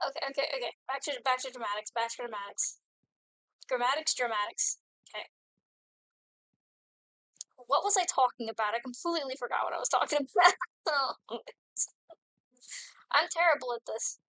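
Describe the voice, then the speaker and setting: Giddy, bright-voiced young woman streamer. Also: high-pitched, expressive, fast, no echo, poor audio. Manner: giddy, rambling, talks to herself while playing. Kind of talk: casual gaming stream chat.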